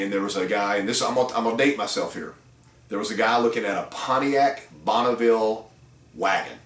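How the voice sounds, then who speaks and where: A middle-aged man who trains car salespeople, telling a story in a casual, rambling way with fillers. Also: lowish voice. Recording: roomy echo, distant mic.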